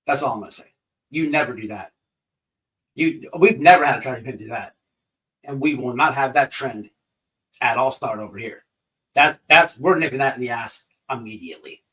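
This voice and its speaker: A man's voice: mid-range voice, normal speed, long pauses, a bit bright, far from the mic, low-quality recording. A man hosting an online commentary show, ranting in a profane, confrontational, repetitive way.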